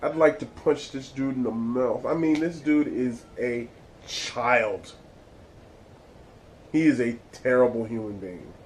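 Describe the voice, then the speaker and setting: A man's voice: medium pitch, darkish tone, slight background noise, low-quality recording. A man hosting his own vlog, giving blunt, exasperated and profane commentary. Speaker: vlog host. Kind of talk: casual ranting commentary.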